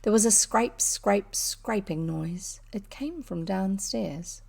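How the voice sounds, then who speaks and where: A woman reading an old children's novel aloud, unhurried and lively, now and then tripping over a word. Her voice sits in a middle pitch with a gravelly, creaky texture. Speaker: audiobook reader. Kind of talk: storybook narration.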